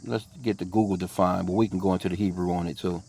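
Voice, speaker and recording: A man's voice: deep voice, fairly even intonation, fast, warm tone. A man teaching from scripture in a casual, slangy way, reading verses aloud and then riffing loosely on them. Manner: profane, with frequent fillers and restarts. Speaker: bible teacher.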